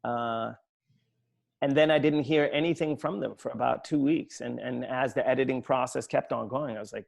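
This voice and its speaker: At an online book talk, a Swedish author shares a personal story, his mid-range, creaky voice moving in a reflective, halting way as he often restarts his sentences.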